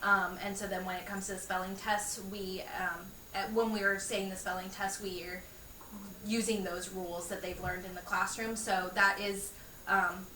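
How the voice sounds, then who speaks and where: Bright woman teacher, far-off echoey room. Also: medium pitch, flat delivery. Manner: matter-of-fact, with filler pauses. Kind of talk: explaining curriculum to parents. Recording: echoey room, far from the mic, faint noise.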